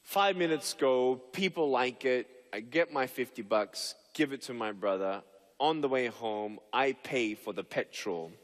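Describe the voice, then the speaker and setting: A man's voice: mid-range voice, lively intonation, a little slow. A man giving a motivational talk on stage, telling a story animatedly and acting out the dialogue. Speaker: motivational speaker. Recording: reverberant hall.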